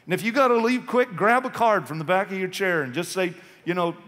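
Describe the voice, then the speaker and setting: A man's voice: high-pitched, fairly quick, fairly bright tone. A male pastor preaching an impassioned, urgent sermon in a church sanctuary. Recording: long reverb of a church hall.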